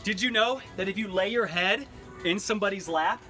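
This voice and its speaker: A man's voice: high voice, brisk, pushed and bright, faint music behind. A man leading a live-streamed workout class, upbeat and cheery, cracking puns between exercise cues. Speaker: fitness instructor. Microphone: camera mic he adjusts.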